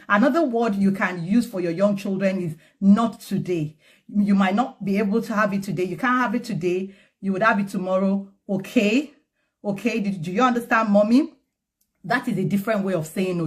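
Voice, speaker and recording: Mom-of-teens psychologist lady chatting about parenting, laughs a lot, medium pitch. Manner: chatty, warm-hearted, laughs often, repeats for emphasis. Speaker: child psychologist. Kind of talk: casual parenting advice talk.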